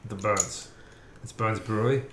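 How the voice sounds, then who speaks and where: A man's voice: on the low side, moderate pace, noisy background. Male game master, echoey room. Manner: relaxed, chuckling scene-setter. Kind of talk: narrating a tabletop game.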